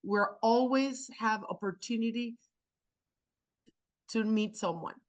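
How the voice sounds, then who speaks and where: Speaking slowly in a fairly high voice, a non-native English-speaking woman who is a real estate agent animatedly recounts a story to a class. She performs the characters' dialogue and keeps starting her sentences over, and the recording sounds muffled.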